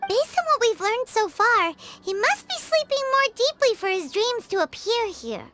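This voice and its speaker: A woman voicing a tiny excitable fairy companion who talks about herself in the third person, in a video game. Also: normal speed, loud music behind the voice. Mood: puzzled. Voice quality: high squeaky childlike voice.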